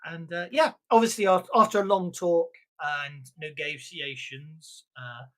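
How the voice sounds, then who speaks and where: A game master, narrating a tabletop game in a rambling, halting way. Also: medium pitch.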